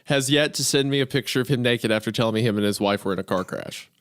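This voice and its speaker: A man's voice: medium pitch, fast talker, no room sound, clean studio sound. A man co-hosting a podcast, chatting casually and reading stories, joking and laughing often. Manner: laughs often, jokey and animated. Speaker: podcast co-host. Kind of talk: casual chat and story reading.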